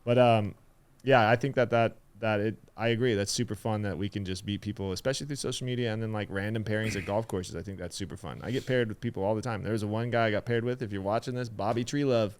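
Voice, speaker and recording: A man's voice: on the low side, fairly even intonation, fast talker, clear, resonant tone. A young man co-hosting a podcast, chatting casually and telling rambling stories with casual swearing. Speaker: podcast co-host. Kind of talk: casual chat.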